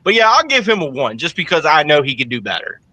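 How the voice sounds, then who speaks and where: A man's voice: on the high side, very animated, quick pace, sharp tone, dry recording, poor audio. A man on a podcast panel, easygoing and joking in casual chat.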